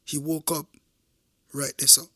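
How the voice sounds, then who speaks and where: A middle-aged man with a Jamaican accent tells his story in an intense, emphatic way, with a voice that sits a little high and sounds forceful and sharp. He keeps repeating himself and turns to address his listeners directly. The recording is dry and close. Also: flat delivery, a little slow, dry recording. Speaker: former police officer. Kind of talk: first-person recounting of a true event.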